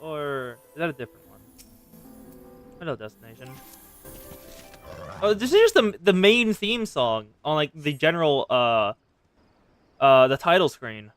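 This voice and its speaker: A male streamer makes rambling, casual asides while playing a game. His voice is fairly high and animated, with faint music underneath. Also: measured pace, pauses often, clear, resonant tone. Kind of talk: casual gameplay commentary.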